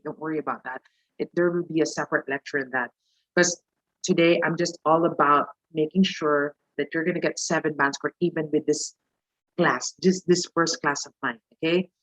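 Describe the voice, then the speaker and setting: A woman's voice: fairly low pitch, muffled recording. A woman from the Philippines with a Filipino accent, teaching a live online speaking lesson and pressing each point with a questioning "okay?".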